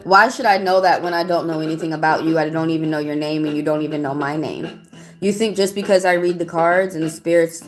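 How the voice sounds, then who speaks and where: Blunt, heated woman reading tarot. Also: low voice. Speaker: tarot reader. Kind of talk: live-stream tarot reading.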